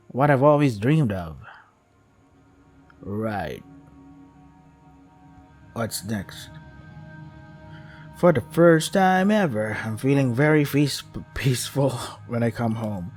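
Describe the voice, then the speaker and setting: A man's voice: medium pitch, darkish tone. A man reading a visual novel aloud, with wry asides that include swearing. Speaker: game streamer.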